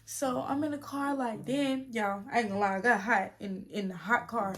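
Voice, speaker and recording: A woman's voice: a little high, normal speed. Young woman telling a storytime vlog. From United States. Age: 20s. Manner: animated, slangy, talks straight to viewers. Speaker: vlogger.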